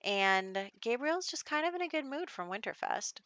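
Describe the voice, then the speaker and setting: A woman's voice: on the high side, very animated, moderate pace, fairly bright tone, no room sound, muffled recording. A woman giving casual, chatty let's-play commentary on a life-sim game, laughing often. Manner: chatty, laughs often, speaks lines for characters in passing. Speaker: gameplay commentator.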